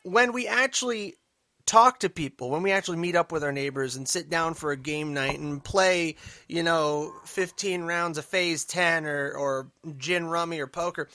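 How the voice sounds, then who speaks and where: A man hosting a political commentary podcast, emphatic and sarcastic, dropping to mutters and then rising loud. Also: on the high side, moderate pace, dry recording. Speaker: podcast host.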